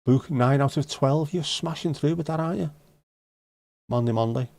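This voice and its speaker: A man's voice: on the high side, steady tone, a little fast, creaky, darkish tone, no room sound. Joking middle-aged man, dry sound. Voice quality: joking, teasing banter. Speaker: livestream host. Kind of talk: casual chat reading out viewer comments.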